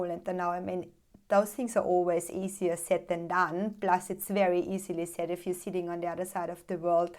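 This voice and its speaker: Woman, podcast host, lowish voice, flat steady delivery, reflective, long flowing thoughts. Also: normal speed. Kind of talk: conversational interview.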